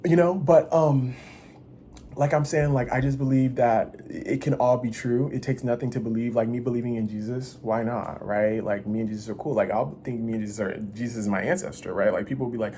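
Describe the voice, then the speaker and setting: A man's voice: steady tone, brisk, slight background noise. A man talking straight to the camera in a rambling confessional vlog, swearing freely and restarting his sentences. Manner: rambling, restless, swings between loud bursts and low mutters; profane and self-interrupting. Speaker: vlogger. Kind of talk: casual confessional monologue.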